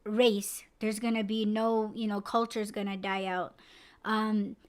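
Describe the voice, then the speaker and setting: A woman's voice: mid-range voice, level tone, measured pace. A woman podcast host in casual chat, rambling with lots of fillers and swearing freely. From United States.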